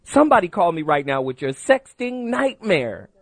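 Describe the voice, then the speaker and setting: A man's voice: high voice, big pitch swings, moderate pace, no echo. Brash male radio talk host. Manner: brash, storytelling, repeats the call-in number. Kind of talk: late-night radio call-in talk. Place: radio studio. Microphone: studio microphone.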